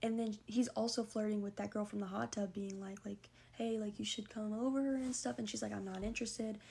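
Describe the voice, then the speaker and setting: A young woman telling a storytime vlog, rushing through her retelling and filling it with "like". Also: mid-range voice, steady tone, gravelly, dark tone, a little hiss or hum. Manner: fast, breathless retelling full of "like".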